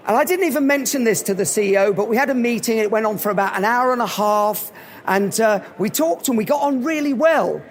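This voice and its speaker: A man's voice: high voice, brisk, a little hiss or hum. Man telling anecdotes on stage. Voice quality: animated, anecdotal storytelling. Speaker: motivational speaker. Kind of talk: live keynote talk with anecdotes. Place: live event hall.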